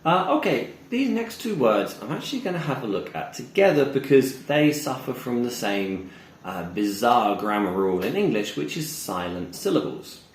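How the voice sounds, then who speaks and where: A man teaching English pronunciation, slowly modeling words and repeating examples. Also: mid-range voice, very animated. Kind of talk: pronunciation lesson. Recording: echoey room with faint ambience.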